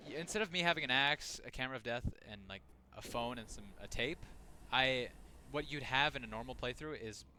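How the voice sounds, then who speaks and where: A man's voice: mid-range voice, fairly quick, few pauses, pushed and bright, slight background noise. A young man talking loosely over a horror game he is playing, rambling and restarting his sentences with many fillers. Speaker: gaming channel host. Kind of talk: casual gameplay commentary.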